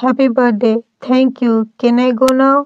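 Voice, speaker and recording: A woman's voice: sits high, level tone, moderate pace, darkish tone, highs cut off, natural voice. A woman voicing a defiant young woman pushed into marriage, reading her lines in a storybook manner. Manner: pleading, defiant.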